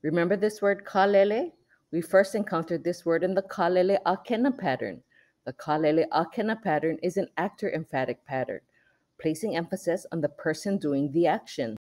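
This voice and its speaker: A woman teaching a scripted video language lesson, explaining grammar clearly and pronouncing terms carefully. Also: fairly low pitch, darkish tone.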